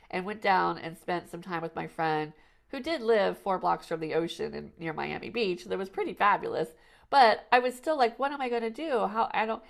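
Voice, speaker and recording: A woman's voice: fairly low pitch, vocal fry. A woman hosting a podcast, chatting casually and telling rambling stories with frequent restarts and "you know"s. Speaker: podcast host. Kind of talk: casual conversational chat.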